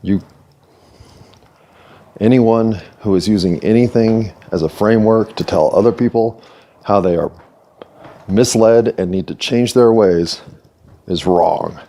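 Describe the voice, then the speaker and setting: An American man hosts a solo podcast, giving a reflective monologue that is rambling, philosophical, and self-deprecating. His voice is on the low side and mellow, with a measured pace and long pauses.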